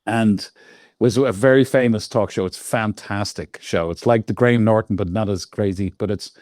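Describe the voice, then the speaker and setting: An Irish man in his sixties, a guest on an interview show, telling lively stories full of laughs and quoted voices. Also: on the low side, moderate pace, no echo, clean studio sound. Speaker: guest lighting designer. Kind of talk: casual interview storytelling.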